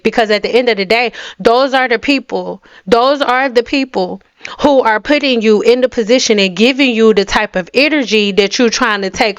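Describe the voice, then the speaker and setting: A young woman vlogs to her camera in a slightly high, very smooth and resonant voice. She is blunt and sassy and leans hard on her words. The sound is dry and close, with no room echo. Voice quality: playful mocking voices. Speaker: hair care vlogger. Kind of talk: direct-to-camera rant.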